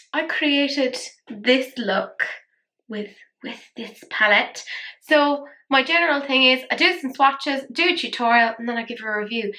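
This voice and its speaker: Young woman doing a makeup review, bright highish voice, rambly and jokey, bit breathless. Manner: chatty, rambling, self-mocking, gasps with excitement. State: a little breathless. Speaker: beauty vlogger.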